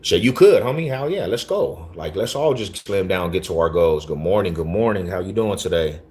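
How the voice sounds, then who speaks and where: Laid-back slangy man with a very low voice. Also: lively intonation, normal speed, darkish tone. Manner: laid-back slangy street talk, repeats himself. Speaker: livestream host. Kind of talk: casual livestream chat, reading chat.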